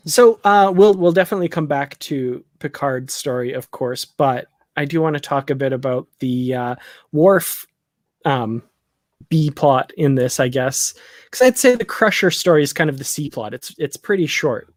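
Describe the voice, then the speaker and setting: A man's voice: on the high side, expressive, normal speed, dry recording, clean studio sound. A man co-hosting a live discussion show, talking casually and rambling with lots of fillers. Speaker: podcast co-host. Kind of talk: casual chat.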